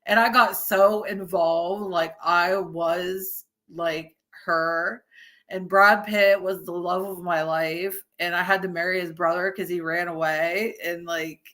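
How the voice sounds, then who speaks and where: Bright-voiced woman in her early thirties. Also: fairly low pitch, steady tone, slow pace. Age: early 30s. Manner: chatty, swears freely, laughs often. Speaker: streamer reacting to a video. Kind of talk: casual live-stream chat.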